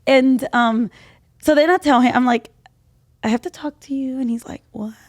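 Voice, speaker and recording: A woman's voice: sits high, steady tone, normal speed, dry recording, studio quality. A woman in her late twenties, pregnant, telling a personal story in a chatty way with a lot of "like"s as a podcast co-host. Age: 20s. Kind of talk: casual chat.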